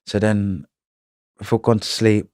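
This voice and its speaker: A man's voice: fairly low pitch, level tone, unhurried, darkish tone, no room sound, clean studio sound. A man, telling prison stories in a casual interview, in heavy slang with frequent swearing and "you know what I mean".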